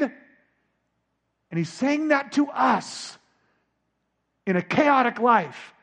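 A man preaching a sermon, dropping to a hush and then rising to near shouts as he acts out scripture. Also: high-pitched, expressive, takes it slowly, long pauses. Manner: dramatic, swinging from hushed to shouting. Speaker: pastor.

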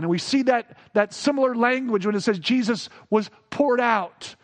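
A man preaching a sermon with expressive delivery, acting out quoted voices and rising sharply for emphasis. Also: very high voice, brisk, hardly any pauses. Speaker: pastor.

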